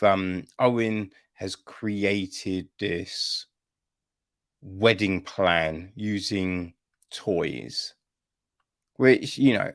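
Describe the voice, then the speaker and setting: A man's voice: lowish voice, vocal fry, no echo, clean studio sound. A man giving a casual film review on a podcast, exasperated, and ending his points with "right?". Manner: exasperated, repeats "right?" often.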